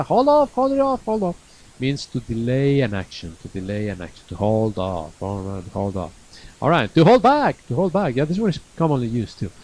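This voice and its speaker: A man teaching a live online English lesson from an academy classroom, repeating each phrase slowly and stretching key words. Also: mid-range voice, dark tone, husky, low-quality recording.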